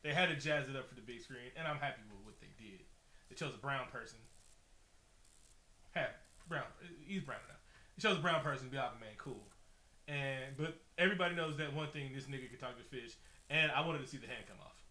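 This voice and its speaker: Animated, profane man in an echoey room. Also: medium pitch, a little fast. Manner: animated, profane, acts out scenes. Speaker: podcast co-host. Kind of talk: casual movie recap chat.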